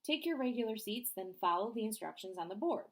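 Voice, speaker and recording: A woman reads as a brisk woman teacher in a storybook, direct and businesslike. Her voice moves with a lively pitch. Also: natural voice.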